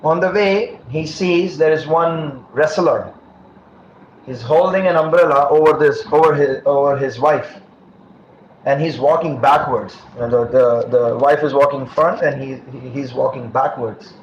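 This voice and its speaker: A man's voice: mid-range voice, darkish tone. A man giving a scripture class as a preacher, telling stories and acting out the dialogue, laughing now and then. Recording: dull roomy recording with faint noise.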